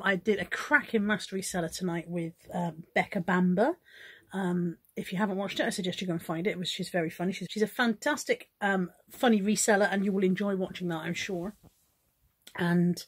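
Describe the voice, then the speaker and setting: A woman's voice: medium pitch, darkish tone, breathy edge, dry recording. A middle-aged woman, chatting casually to a handheld phone camera in her vlog diary, self-deprecating and talking to her dog. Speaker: vlogger.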